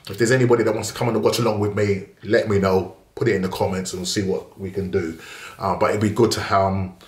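Man, football preview host, rambling casual chat, lowish voice, roomy echo. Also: flat delivery, fast, darkish tone. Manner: chatty and rambling, many fillers and restarts. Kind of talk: casual match preview monologue.

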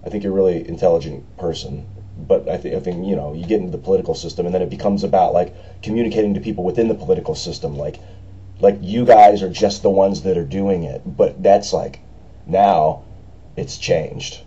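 A hoarse young man from the United States with a raspy voice, talking earnestly and with frustration in a rambling home video message, full of fillers. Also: low-pitched, quick pace, dark tone, dull audio. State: hoarse after a party. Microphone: camera microphone.

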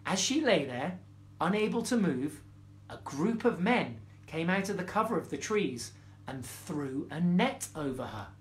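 A man's voice: a little high, big pitch swings, measured pace. A man reading a bedtime story aloud, playful, with jokey asides to the listener. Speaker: storyteller, former children's TV presenter.

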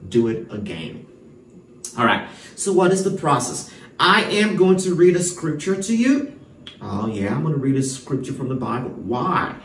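A man's voice: mid-range voice, recorded from a distance. Man, homeschool teacher, emphatic, rhetorical, faint background hum. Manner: emphatic, rhetorical questions, frequent "all right". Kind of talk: classroom lesson to children. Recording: echoey room, voice from off-mic.

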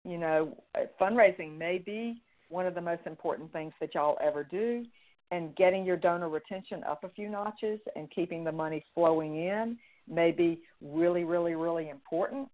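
A woman's voice: on the low side, normal speed. Woman presenter, emphatic and chatty, heard over a tinny phone-like line. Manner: emphatic, conversational, many fillers and restarts. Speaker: fundraising consultant presenter. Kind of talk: webinar teaching.

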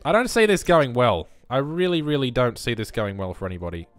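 A man's voice: medium pitch, animated, fairly quick, no echo. A young man giving chatty gameplay commentary as a let's play host, muttering reactions as he goes.

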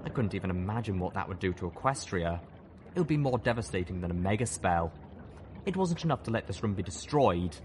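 A low-voiced man narrates a story with steady intensity. Loud artillery and engine sound effects fill the background under his reading. The delivery is dramatic, first-person audiobook storytelling. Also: brisk. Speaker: audiobook reader. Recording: noisy with battle sound effects.

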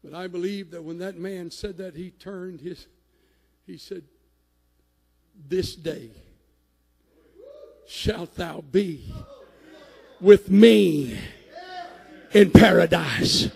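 A man preaching a sermon in a church, shouting at his peaks and dropping low in between. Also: very slow, creaky, long pauses, slightly rough, big-room sound. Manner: rising to shouted climaxes, then dropping low. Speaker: pastor. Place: church sanctuary.

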